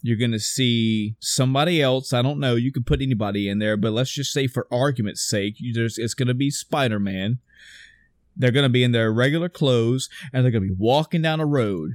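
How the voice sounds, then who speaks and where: A man in his thirties, excitably talking in a casual chat, swearing freely and acting out scenes. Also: medium pitch, a little fast, dry recording, studio quality.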